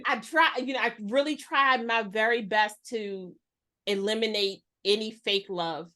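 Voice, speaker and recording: A woman's voice: mid-range voice, measured pace. A woman in her forties chatting casually as a podcast guest, telling stories and acting out voices. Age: 40s. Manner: animated storyteller, acts out voices. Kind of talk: casual conversation.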